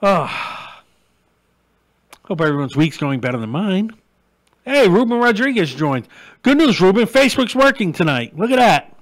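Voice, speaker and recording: A man's voice: high-pitched, sing-song, normal speed, pauses often. A middle-aged man hosting a live-stream show, ranting bluntly and crudely and greeting viewers as they join. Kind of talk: live-stream rant and chat.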